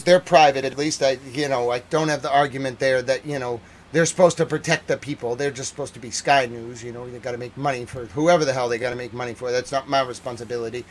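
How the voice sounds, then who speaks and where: A man reporting on a war from a livestream, ranting in exasperation and then reading a measured formal report. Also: mid-range voice. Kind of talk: livestream news commentary.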